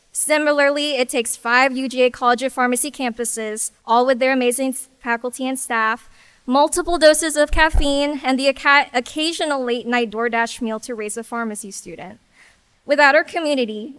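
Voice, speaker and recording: A woman's voice: sits high, clean tone, no room sound. A woman in her twenties, class president, giving an earnest ceremony speech at a graduation-style event. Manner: earnest, warm and a little emotional. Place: hall with audience.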